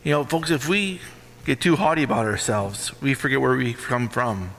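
A man's voice: medium pitch, normal speed, vocal fry, a bit bright, big-room sound, slight background noise, rough recording. A man preaching a sermon with emphatic call-and-response questions to the congregation.

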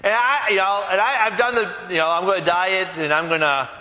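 A pastor preaching to his church, chatty and anecdotal, often restarting his sentences. His voice sits high and sounds bright. It carries a long reverb from the church hall. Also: fairly even intonation, brisk. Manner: conversational, anecdotal, self-deprecating with many fillers and restarts. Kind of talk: sermon.

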